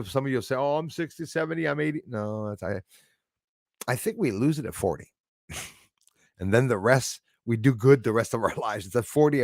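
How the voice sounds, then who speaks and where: A man's voice: mid-range voice, no echo, clean studio sound. A man in his forties hosting a live stream, chatting loosely and chuckling often as he answers viewer comments. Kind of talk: casual chat reading viewer comments.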